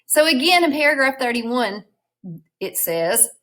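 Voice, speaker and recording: A woman's voice: high-pitched, animated, unhurried, fairly bright tone, low-quality recording. A woman teacher reading a storybook aloud in a recorded class lesson, patiently explaining words and prompting her students.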